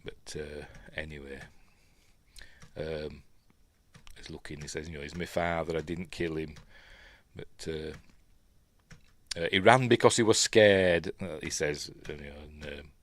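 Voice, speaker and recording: A man's voice: very deep voice, takes it slowly, pauses often, fairly bright tone. A man with a Yorkshire accent chatting casually as a film reviewer, talking over the movie as it plays and rambling with many ums and asides. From Yorkshire, England.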